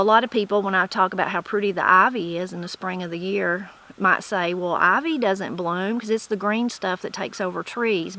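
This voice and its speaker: With a bright, forceful, medium-pitched voice, a middle-aged channel host with a Southern Appalachian accent chats casually and reads aloud from a dictionary and other old sources. She's folksy and chatty and corrects herself as she reads, and the recording is rough.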